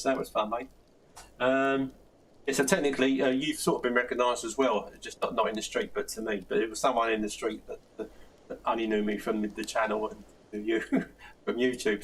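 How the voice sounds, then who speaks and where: Chatty older man, gravelly voice. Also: medium pitch, fairly even intonation, moderate pace, soft background music. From South London. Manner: chatty, laughs often, many restarts. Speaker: live stream host answering plastering questions. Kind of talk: casual live stream chat. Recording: slightly distant mic with faint background noise.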